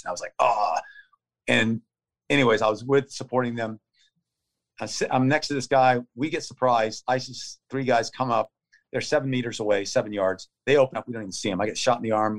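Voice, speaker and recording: A man in his fifties being interviewed, telling a story in urgent, clipped phrases that come out in a fast play-by-play. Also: on the low side. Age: 50s. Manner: vivid, urgent play-by-play retelling of combat. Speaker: interview guest. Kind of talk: conversational storytelling.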